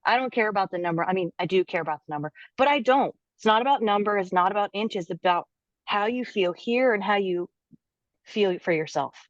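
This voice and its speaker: A woman personal trainer, a guest on a podcast, telling a client's story with animated quoting. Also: medium pitch, a little fast, dry recording, dull audio. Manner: animated, quotes her client's words aloud.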